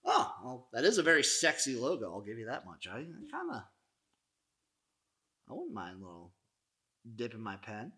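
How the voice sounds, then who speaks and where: A man's voice: mid-range voice, wildly swooping pitch, moderate pace, long pauses, sharp tone, voice pushed down. A man voicing a rowdy, crude guy on a rampage who is hiding out, boastful and jittery. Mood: sly.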